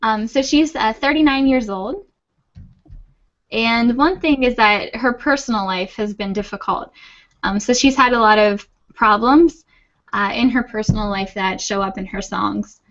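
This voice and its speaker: A woman's voice: fairly high pitch, unhurried, fairly bright tone. Reassuring woman teaching online. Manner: patient, reassuring, laughs often. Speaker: English teacher. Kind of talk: online class, friendly explaining. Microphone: video call. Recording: lo-fi video call audio.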